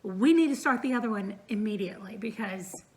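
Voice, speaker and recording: Speaking at a brisk clip with a medium-pitched voice, this book vlogger talks over a noisy background. She's a woman in her thirties in a room at home, rambling through casual reading chat with fillers and little laughs.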